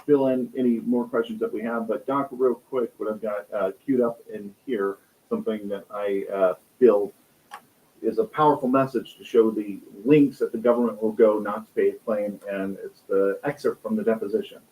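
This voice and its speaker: Low-voiced hesitant co-host man. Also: steady tone, moderate pace, darkish tone, rough recording. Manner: hesitant, many fillers. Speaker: co-host reading viewer comments. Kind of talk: livestream Q&A talk.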